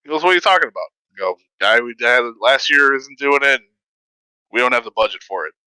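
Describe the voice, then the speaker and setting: Bright-voiced man telling a story. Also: mid-range voice, brisk, smooth, no echo, poor audio. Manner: animated, acts out quoted voices. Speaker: podcast host. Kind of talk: casual storytelling.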